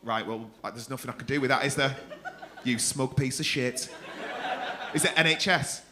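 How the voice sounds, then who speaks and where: A man's voice: medium pitch, moderate pace, sharp tone. A man hosting a comedy club, teasing the audience with sweary crowd-work banter.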